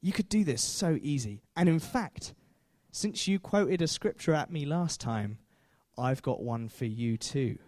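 A man voicing a smooth, coaxing male devil tempting someone during a sermon retelling. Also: a little high, expressive, unhurried, darkish tone, dry recording, studio quality.

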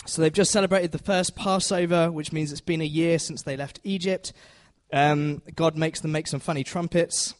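A man's voice: a little high, fairly even intonation, moderate pace, hardly any pauses. Chatty man teaching in church. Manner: chatty, self-deprecating, asks the audience questions. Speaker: preacher. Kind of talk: informal Bible teaching.

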